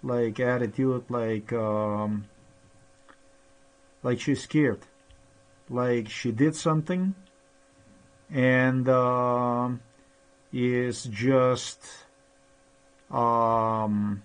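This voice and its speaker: A man talks through a rambling personal monologue at a very slow, dragging pace. His voice sits in an ordinary middle pitch. He halts often with fillers, sounding aggrieved and accusatory. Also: steady tone, smooth. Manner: halting, with many pauses and fillers. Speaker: vlogger.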